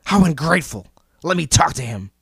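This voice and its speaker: A man's voice: fairly high pitch, big pitch swings, fairly quick, a bit bright, slightly rough, dry recording, exaggerated voice. A man voicing a greedy, grumbling coyote trickster in a told story, demanding and indignant, in a dry, close sound.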